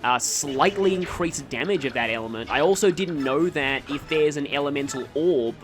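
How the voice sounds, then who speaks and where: A man's voice: fairly high pitch, moderate pace, faint music behind. A man with an Australian accent giving casual, rambling commentary over a game playthrough, often wandering off on tangents and correcting himself mid-sentence. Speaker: let's play commentator.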